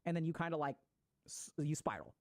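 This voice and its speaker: Fast-talking man explaining psychology. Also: a little high, animated, no echo. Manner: quick, conversational, swears casually, uses gaming slang. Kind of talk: casual lecture to an online audience.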